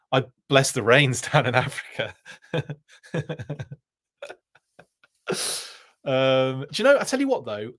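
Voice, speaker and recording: A man hosting a casual livestream reaction, chatting, answering viewer comments, and often breaking off mid-sentence. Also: mid-range voice. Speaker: host.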